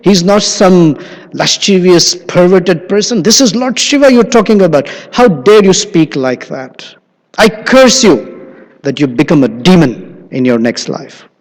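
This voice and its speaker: A man's voice: sits high, lively intonation, unhurried. A man voicing an indignant goddess who scolds and curses, speaking in a raised, outraged tone as he tells the story. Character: indignant goddess wife, fierce and protective. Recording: long hall reverb.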